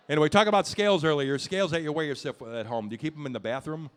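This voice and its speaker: A man's voice: on the high side, rapid-fire, hardly any pauses, smooth. A man doing a stand-up comedy set on a club stage, brash and self-mocking, swearing through his punchlines.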